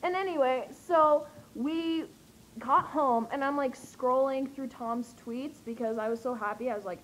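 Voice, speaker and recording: A young woman telling an excited vlog story, gushing and breathless, with lots of fillers. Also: high voice, a little slow, low-quality recording. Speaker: vlogger.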